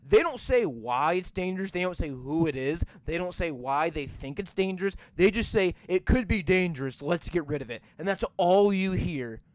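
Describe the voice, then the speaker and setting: A man's voice: high-pitched, clean tone, no room sound. A young man hosting a podcast, ranting about a movie in a casual, profane, mocking way. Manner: swears constantly, ranting, mocking. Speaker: podcast host.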